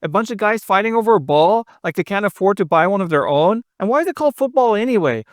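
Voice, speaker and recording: A man's voice: high voice, very animated, fast talker, no echo, studio quality. A man voicing a clueless, earnest male street reporter who rambles and corrects himself. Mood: defensive.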